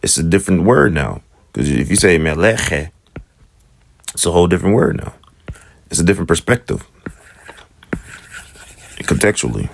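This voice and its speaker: A man teaching Hebrew letters in a casual lesson, thinking aloud and repeating sounds slowly. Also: sits low, sing-song, vocal fry. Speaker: self-taught Hebrew teacher. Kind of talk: casual screen-share lesson.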